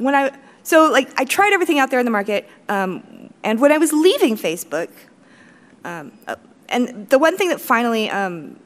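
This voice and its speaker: A woman with a high, lively voice gives a live talk on a conference stage. She speaks bluntly, swears freely and jumps into self-mocking asides, her pitch swinging widely as she makes her points. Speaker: conference speaker, company CEO. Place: large conference hall stage.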